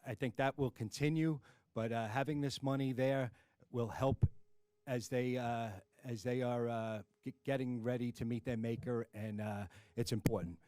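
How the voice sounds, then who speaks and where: A man with a Brooklyn accent, a firefighters' union president giving halting, plainspoken press conference remarks full of fillers. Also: mid-range voice, steady tone, a little mellow.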